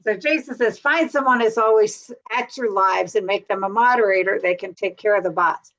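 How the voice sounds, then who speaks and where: A woman from the American Midwest hosting a casual live stream chat, talking in quick asides and laughing often. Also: medium pitch, fairly bright tone. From Cincinnati, USA.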